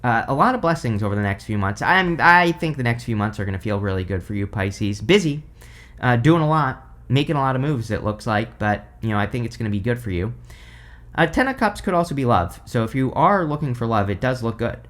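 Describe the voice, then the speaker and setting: Young guy doing a chill tarot reading, rambly and excited, lots of likes and ums, normal pitch. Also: brisk. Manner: rambling, filler-heavy, excited, thinking aloud. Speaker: tarot reader. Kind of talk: casual tarot reading to camera.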